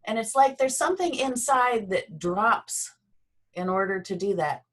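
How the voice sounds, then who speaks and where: A woman teaching a Feldenkrais movement and voice lesson on a video call, guiding slowly and gently with pauses. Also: medium pitch, expressive.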